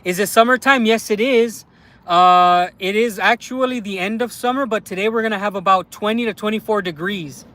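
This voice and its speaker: Excitable high-voiced man livestreaming outdoors. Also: moderate pace. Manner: excitable, rambling, lots of fillers. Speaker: vlogger livestreaming. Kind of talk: casual livestream chat. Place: outdoors on town streets. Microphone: handheld phone livestream.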